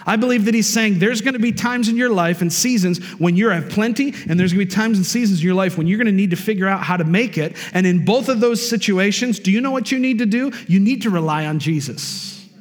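A man's voice: sits high, fast talker, few pauses. A male pastor preaching a sermon with emphasis, breaking off for "amen" and "come on" asides to the congregation. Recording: long reverb of a hall.

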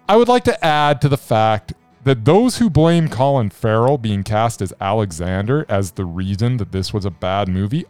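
A man's voice: lowish voice, a little mellow, clean tone, no echo. A man co-hosting a podcast, giving a sarcastic, comedic film review. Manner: sarcastic, wry. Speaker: podcast co-host.

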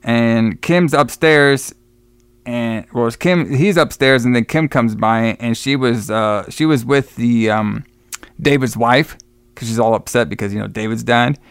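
A man's voice: mid-range voice, a little slow, smooth, dry recording. A man co-hosting a podcast, casually recapping a horror film's plot in a rambling way, often restarting his words. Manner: rambling, repeats and restarts words while recounting scenes. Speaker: podcast co-host reviewing a horror film.

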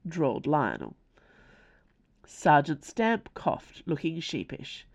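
A woman author narrating her own novella in an expressive storytelling style. Her low voice carries a gravelly edge, and her pitch moves in a lively, animated way. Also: slow pace. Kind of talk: scripted narration.

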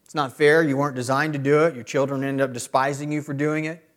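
A middle-aged man preaching a sermon as a pastor. He often builds to loud, emphatic peaks. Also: medium pitch, little pitch movement, fast talker.

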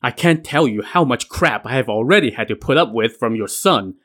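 A man's voice: mid-range voice, animated, brisk, fairly bright tone. A man voicing a loyal general who pleads and argues urgently, in a told story. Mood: pleading. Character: loyal, pleading male general, a sworn brother.

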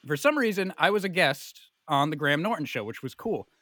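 A young man telling a comic story in a rambling, animated way, full of fillers. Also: a little high, brisk, no room sound.

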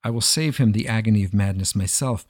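A man voicing an imperious, quick-tempered king who gives commands. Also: lowish voice, darkish tone, dry recording, studio quality. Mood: commanding. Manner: commanding, roaring.

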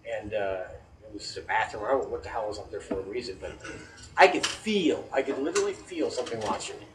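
A man's voice: fairly low pitch, expressive, fast talker. A man co-hosting a chat show, telling a personal story in an earnest, anecdotal way. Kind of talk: casual radio-style chat. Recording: distant from mic, faint noise.

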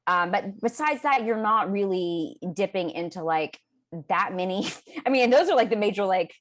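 A woman's voice: medium pitch, expressive, normal speed. A woman from Texas co-hosting a casual book podcast, chatty and giggly with many fillers. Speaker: podcast co-host. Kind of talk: casual chat.

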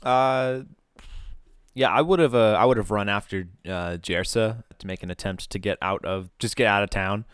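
Low, smooth-voiced male player. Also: moderate pace, no echo, clean studio sound. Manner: relaxed, hesitant, fillers. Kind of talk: describing his character's actions.

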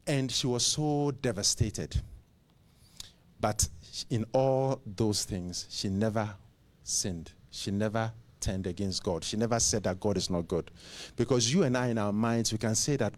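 A man's voice: lowish voice, a little slow. A man preaching a sermon who fires off rhetorical questions and often repeats words and restarts.

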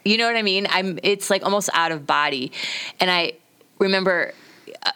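A woman's voice: on the low side, moderate pace, bright, forceful tone, clear, resonant tone. Woman telling a raw personal story. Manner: candid storytelling, tearful and frank. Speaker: podcast guest. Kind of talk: casual podcast chat.

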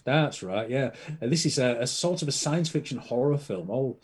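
Man, podcast guest, casual chat, warm tone, slightly husky, eager and rambling. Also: mid-range voice, animated, normal speed. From Britain. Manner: enthusiastic, rambling with fillers. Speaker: podcast guest, film collector.

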